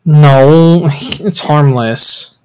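A flustered, easygoing teen hero boy, voiced by a man stammers his way through protests. The voice sits slightly high. It comes from an amateur voice-acted skit. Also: drawn-out words, a little mellow, poor audio.

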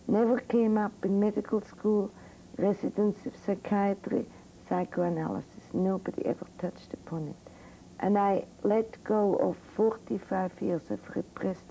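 A woman's voice: medium pitch, vocal fry, mellow, low-quality recording. An older woman psychiatrist telling a personal story to medical students in a frank, vivid lecture. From Switzerland. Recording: old 1982 recording with faint hiss.

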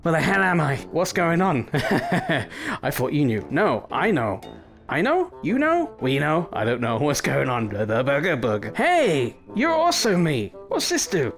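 Brief: gaming host, young man, raspy edge, excitable mock bravado, faint music underneath. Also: fairly high pitch, a little slow. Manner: excitable, swearing mock-threats. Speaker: gaming YouTuber. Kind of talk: casual gameplay commentary.

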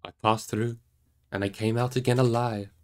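A solemn old wizard speaks with quiet command, as a man reads the part aloud. The delivery is slow and measured, in a mid-pitched male voice, like a story read to listeners. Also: steady tone, natural voice. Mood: grave. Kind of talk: audiobook reading.

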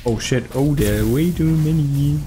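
A man giving excitable gameplay commentary, swearing and laughing as he plays. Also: on the high side, normal speed, soft background music. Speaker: gaming YouTuber.

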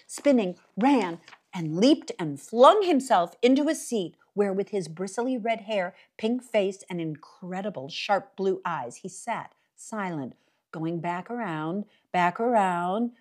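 A woman reading a novel aloud for a library reading series, with expressive, dramatic storytelling. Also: mid-range voice. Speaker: library reader.

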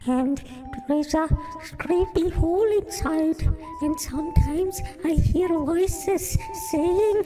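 A man's voice: very high voice, slow pace, over music, voice pushed up. A man putting on a mocking voice of a creepy little child, drawn out in a taunting singsong.

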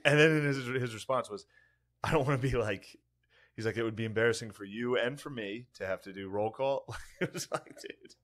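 A man's voice: mid-range voice, moderate pace, a bit bright. A man co-hosting a casual podcast chat, telling stories loosely and swearing freely. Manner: loose, profane storytelling with frequent "dude". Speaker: podcast co-host.

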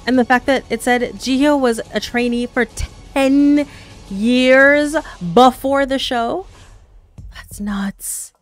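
The speaker is a woman reacting to K-pop on video, full of gushing exclamations, casual chatter and frequent laughter. Her high voice moves slowly with fairly even intonation, while faint music and the show's audio play behind her.

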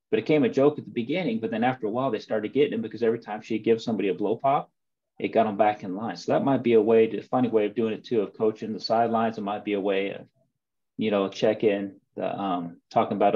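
A man's voice: fairly low pitch, mellow, husky. A man hosting a coaching webinar, folksy and fond of stories and questions. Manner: folksy, storytelling, asks questions. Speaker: webinar host for soccer coaches. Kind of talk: casual coaching talk. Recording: muffled lo-fi audio.

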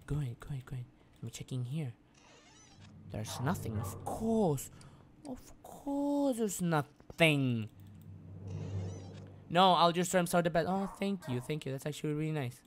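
A man's voice: on the high side, fast, slight background noise. A man streaming live gameplay, frustrated, swearing and repeating himself as he talks through the game.

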